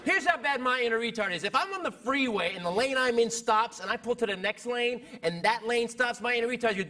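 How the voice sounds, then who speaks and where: A man doing stand-up comedy, loud and animated, often shouting. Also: extremely high pitch, a little fast, hardly any pauses, heavy background noise. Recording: distant stage mic, loud audience.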